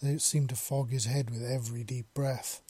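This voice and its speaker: A man reads a story aloud in a steady, even way. His voice is mellow and dark with a breathy, husky edge. It sounds dry and close to the mic. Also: medium pitch, moderate pace, no echo. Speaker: narrator. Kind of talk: storybook reading.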